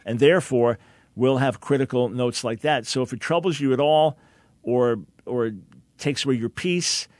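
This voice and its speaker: A man hosting a call-in radio talk show, earnest and emphatic. His voice sits at a middle pitch and often repeats a word as he starts a sentence. The studio sound is dry and close. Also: moderate pace, darkish tone, no room sound.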